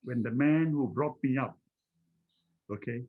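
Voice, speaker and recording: Man, husky voice, reflective personal storyteller, halting restarts, muffled lo-fi recording. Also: medium pitch. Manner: slow, repetitive, with many restarts. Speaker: guest speaker.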